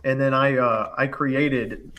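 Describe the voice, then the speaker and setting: A man in casual conversation, telling a story with lots of energy. He throws in fillers and quick acted-out quotes, and his voice sits at a middle pitch. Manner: animated, fast storytelling full of "like" and acted-out quotes. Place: live online show, remote.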